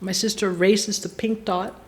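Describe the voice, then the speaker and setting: A woman guest on a podcast telling a personal story in casual chat, in an animated way. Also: mid-range voice, measured pace, slight background noise. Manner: animated, acts out voices in her stories.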